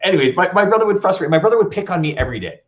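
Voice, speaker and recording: A man giving a motivational talk, telling comic stories in an animated, playful way. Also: high-pitched, very fast, muffled recording. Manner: animated storytelling, playful and teasing. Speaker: motivational speaker.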